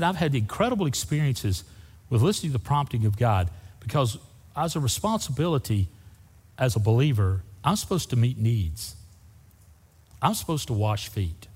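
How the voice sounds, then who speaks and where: A man's voice: medium pitch, darkish tone, husky. A man preaching a sermon as a pastor, telling folksy stories and speaking straight to the congregation. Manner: folksy storytelling preacher, says y'all. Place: church sanctuary. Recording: long reverb in a large church hall.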